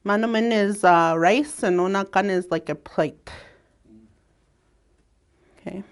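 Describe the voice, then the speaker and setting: A woman teaching a language lesson. She speaks in a relaxed way, laughs often and draws out her example words. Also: medium pitch, takes it slowly, long pauses.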